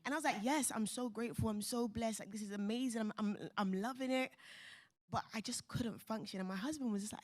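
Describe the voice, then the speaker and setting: Animated woman telling her story. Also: a little high, fast talker. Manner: animated, acts out quoted voices, laughs often. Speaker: panel speaker. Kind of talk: candid personal storytelling.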